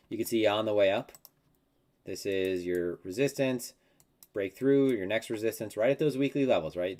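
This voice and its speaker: A man's voice: lowish voice, a little mellow. A man in his thirties talking casually through market charts on a live stream, rambling a little and acting out mock quotes. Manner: rambling and conversational, with many fillers and mock quotes. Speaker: crypto market analyst.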